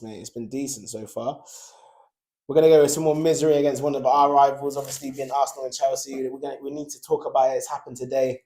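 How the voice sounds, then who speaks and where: A young man hosts a casual football podcast. He talks in a slangy, animated way and laughs often. His voice sits at an ordinary mid pitch. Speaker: podcast host.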